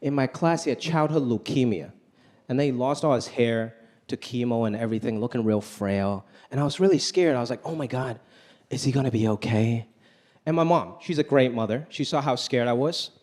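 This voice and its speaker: A man performing a stand-up comedy routine on a club stage, talking in an animated way and acting out the voices he quotes. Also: medium pitch, a little fast. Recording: live club recording with crowd noise. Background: audience laughter.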